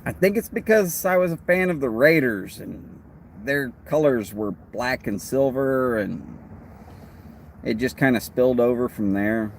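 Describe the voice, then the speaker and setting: A man's voice: mid-range voice, animated, measured pace, a little hiss or hum. A man with a Texan accent hosting a live stream, chatting in a rambling way and answering viewers' comments. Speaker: livestream host. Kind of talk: casual live-stream chat.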